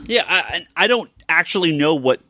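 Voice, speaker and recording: Lively, bright-voiced man on a podcast. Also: a little high, brisk, no echo, studio quality. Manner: animated, stammers and restarts often. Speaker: podcast co-host. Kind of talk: casual chat.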